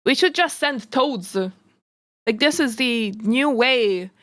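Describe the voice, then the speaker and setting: A woman VTuber chatting casually on a reaction stream, giggly and rambling, often breaking off mid-sentence and bursting into excited remarks. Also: a little high, slow. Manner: giggly, rambling, self-interrupting; excitable outbursts.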